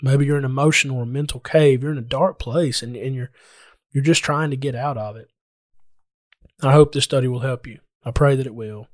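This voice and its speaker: A man's voice: mid-range voice, fairly even intonation, brisk, no room sound, clean studio sound. A man preaching a sermon in an earnest, explanatory way, speaking directly to his listeners.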